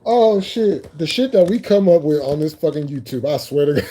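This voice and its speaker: Giggly, mellow-voiced man streaming live. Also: fairly high pitch, lively intonation, moderate pace, slight background noise. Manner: laughs constantly, loose and profane banter; repeats phrases, talks to chat viewers by name. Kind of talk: casual live stream chat.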